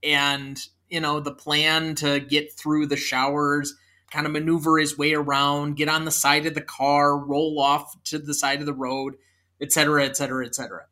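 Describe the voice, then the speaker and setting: A podcast co-host trades opinions in a casual movie review chat. The voice is bright and forward, at a middle pitch. The tone stays dry and sarcastic as it picks a film apart. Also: little pitch movement, normal speed. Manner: sarcastic, dismissive critique.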